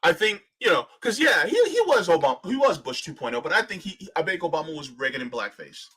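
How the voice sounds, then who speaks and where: A man's voice: a little high, very animated, fast talker, sharp tone, husky, poor audio. A man giving heated political commentary on a live stream, ranting, sarcastic, and full of rhetorical questions.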